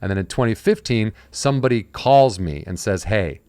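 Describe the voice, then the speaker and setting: A man's voice: lowish voice, lively intonation, normal speed, warm tone, smooth, no room sound. A man hosting a casual podcast chat, telling stories and acting out the people he quotes. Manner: storytelling, acting out quoted voices. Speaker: podcast host.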